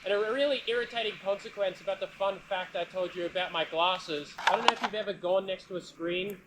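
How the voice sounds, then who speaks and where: A man's voice: high voice, fairly quick. A young man, a PhD student, chatting enthusiastically and joking about himself while doing fieldwork outdoors in a swamp. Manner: enthusiastic, jokey, self-mocking. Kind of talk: casual outdoor field vlog. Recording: distant mic with faint outdoor noise.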